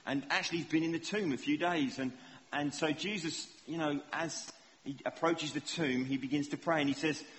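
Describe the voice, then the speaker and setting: This middle-aged preacher's voice runs on the high side and fairly bright, at a normal speed, as he gives a chatty, self-deprecating sermon full of questions for the congregation. The room has a long hall reverb and faint ambience, plus slight background noise.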